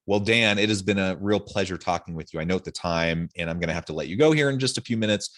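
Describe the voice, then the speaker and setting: A man's voice: sits low, fast talker, a bit bright. A man hosting an interview podcast over a video call, speaking in a courteous, affirming way. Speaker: podcast host.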